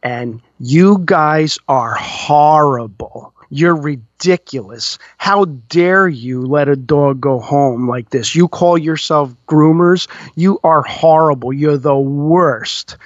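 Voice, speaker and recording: A man voicing an irate female dog owner who scolds a groomer over the phone, indignant and loud, on a dull lo-fi dry recording. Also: low-pitched, slow pace, few pauses, no echo.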